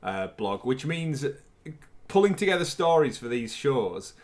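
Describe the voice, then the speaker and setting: A man's voice: medium pitch, very animated, measured pace. Male podcast co-host, casual, chatty, mid-range voice, fillers and laughs.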